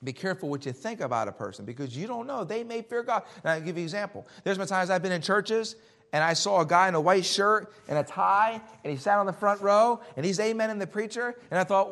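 Male preacher, slightly high voice, punchy rhetorical questions, drops to a hush for warnings. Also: animated, fast talker. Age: adult, Army veteran. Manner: emphatic, rhetorical questions, swings between loud and hushed. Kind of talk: sermon with scripture reading.

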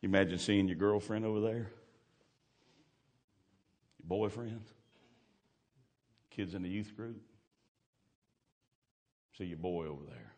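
A man preaching a fervent sermon, swinging from hushed asides to shouting. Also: sits low, slow pace, pauses often.

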